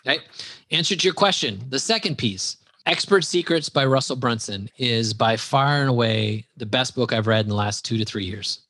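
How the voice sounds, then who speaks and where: A man with a Wisconsin accent, a podcast guest talking in an energetic, chatty way with quick asides. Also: mid-range voice, dry recording, clean studio sound. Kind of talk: casual interview chat.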